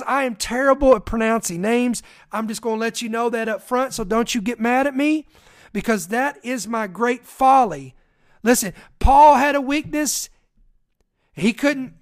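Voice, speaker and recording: An emphatic preacher speaks in a middle-pitched voice, reading accounts aloud and stopping often to talk straight to the listeners. The delivery has the call-and-response push of a sermon. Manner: emphatic, addresses listeners directly with asides.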